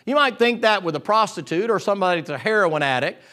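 A man preaching a lively sermon in a folksy, joking way, acting out the people in his story. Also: sits high, fast talker. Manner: folksy and joking, acts out voices of figures.

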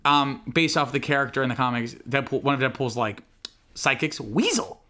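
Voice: medium pitch, normal speed, pushed and bright. A podcast host recapping a film plot in casual chat, rambling with lots of ums and likes and dry, bored asides. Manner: rambling, filler-heavy, many ums and likes.

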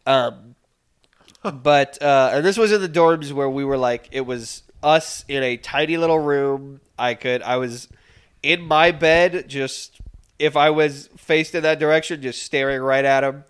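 A man's voice: on the high side, unhurried, clean tone. A young man co-hosting a podcast, telling a story in casual chat and mimicking voices in quotes. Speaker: podcast co-host.

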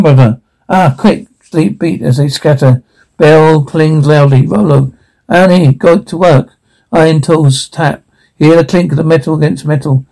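A man reading a drama script aloud, sound cues and all, in a halting way with frequent restarts. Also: a little high, mellow, poor audio.

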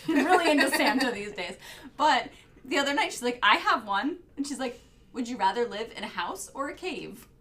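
A woman's voice: sits high, expressive, moderate pace, sharp tone. A woman, a mother, chatting casually and telling amused anecdotes about her daughter. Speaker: podcast co-host, mother. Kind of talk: casual chat.

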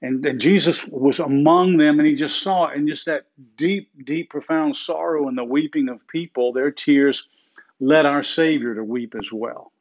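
Casting: middle-aged male pastor, earnest sermon delivery, slightly raised pitch, muffled lo-fi recording. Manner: earnest, slows and repeats phrases for emphasis.

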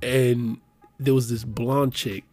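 Guy in his 30s telling a crude story, husky voice, does all the voices, quiet music under it. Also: medium pitch, takes it slowly. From Miami area. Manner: profane, animated storyteller who acts out quotes. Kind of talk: casual storytelling chat.

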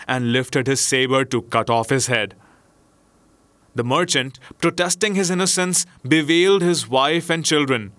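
A man narrating a classic storybook in a measured, expressive way. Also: medium pitch, no room sound.

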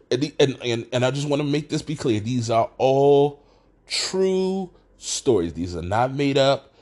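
Rambling man telling a sports story. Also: medium pitch. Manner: rambling, restarts sentences, animated when retelling. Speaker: podcast host. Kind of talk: casual storytelling monologue.

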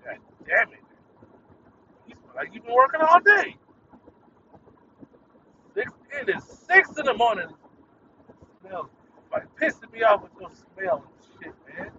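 A man's voice: very high voice, wildly swooping pitch, a little slow, long pauses, pushed and bright, far from the mic, dull audio, a little hiss or hum. A young man ranting casually, irritated and swearing, breaking into laughter at his own jokes. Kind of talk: casual venting monologue.

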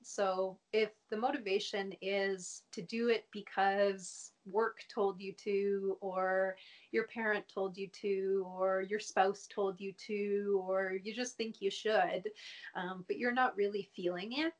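A woman psychologist speaking as a podcast guest, explaining in a measured way and laughing easily. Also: medium pitch, level tone. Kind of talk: podcast interview.

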